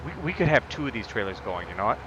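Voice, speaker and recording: Streaming a farming game, a man chats casually in a jokey, rambling way with lots of fillers. His lowish voice swings widely in pitch and races along. The audio is lo-fi with background noise.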